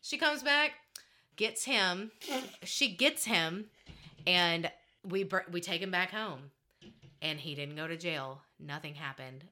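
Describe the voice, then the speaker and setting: Bright, animated young woman. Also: on the low side, takes it slowly. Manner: animated, laughing, acts out quotes. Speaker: podcast co-host. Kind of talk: casual storytelling chat.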